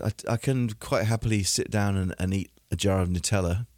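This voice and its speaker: A man's voice: sits low, fairly even intonation, unhurried, a little mellow, dry recording, studio quality. A British man in an easygoing, rambling casual chat, laughing at himself.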